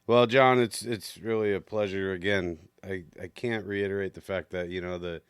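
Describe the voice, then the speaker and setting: A podcast host with a low, smooth voice, upbeat and chatty. He often stumbles over his first words, and his voice is recorded close and dry. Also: a bit bright, dry recording. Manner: upbeat, repeats words when starting. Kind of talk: casual podcast chat.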